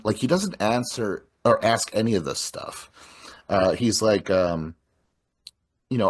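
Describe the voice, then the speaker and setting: A man's voice: lowish voice, a little slow, husky. A man casually recapping a horror film, acting out characters' lines, swearing and laughing often. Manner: animated, acts out characters' lines mid-retelling. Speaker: podcast co-host. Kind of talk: casual movie recap chat.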